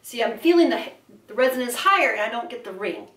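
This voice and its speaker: In a studio room, a woman voice teacher gives a vocal lesson, explaining exercises and sometimes speaking through a straw. Her voice is on the high side, animated, quick and a bit bright, recorded roomily from a distance.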